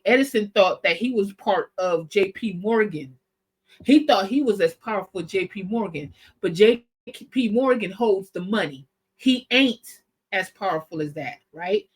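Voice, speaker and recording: A woman hosting a show, talking through history in a casual, animated, slangy way. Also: medium pitch, low-quality recording. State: coughing spell. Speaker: host. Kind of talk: casual commentary.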